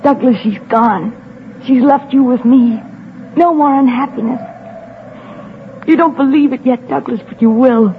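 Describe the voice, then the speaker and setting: A woman's voice: high-pitched, a little slow, pauses often. A woman playing a neurotic, possessive young woman in a radio drama, pleading and intense. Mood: obsessive, pleading. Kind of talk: 1940s radio acting. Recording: tinny old radio broadcast with faint hiss.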